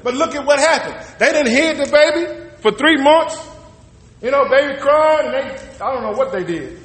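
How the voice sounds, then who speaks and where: A man's voice: very high-pitched, fairly bright tone. A man preaching a sermon, retelling a story in a loose, conversational way and acting out the characters' lines. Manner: storytelling with conversational asides and acted-out quotes. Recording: echoey hall with long reverb.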